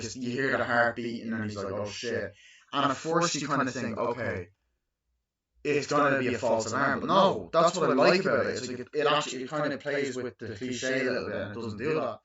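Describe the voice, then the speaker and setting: A young man in his twenties recapping a movie in casual, profane chat, acting out lines in high voices. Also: a bit bright. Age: 20s. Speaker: movie reviewer. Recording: echoey, distant, muffled room recording.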